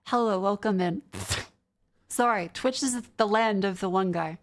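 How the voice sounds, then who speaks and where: A woman's voice: medium pitch, moderate pace. A young Australian woman streaming live, chatting with viewers and reading their messages aloud, often stumbling and restarting. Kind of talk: casual live-stream chat.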